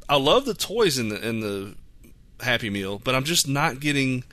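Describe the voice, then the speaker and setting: A man's voice: mid-range voice, sing-song, normal speed, bright, forceful tone, no room sound. A man, rambling through childhood stories in casual chat as a podcast host. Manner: rambling, self-correcting storyteller.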